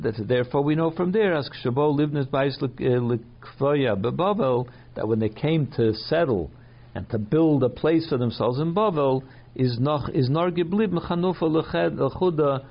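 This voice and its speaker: A man giving a text study lesson, mixing Yiddish and Hebrew phrases into English, halting and translating each phrase. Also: mid-range voice, muffled recording. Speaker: Torah teacher.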